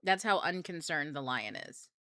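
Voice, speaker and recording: A young woman with a bright, fairly low voice talks loosely to her viewers, wandering off on tangents and swearing without a second thought. The sound is dry and close. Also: lively intonation, normal speed, dry recording. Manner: rambling, candid, swears casually. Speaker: book club host. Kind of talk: casual livestream talk on astrology.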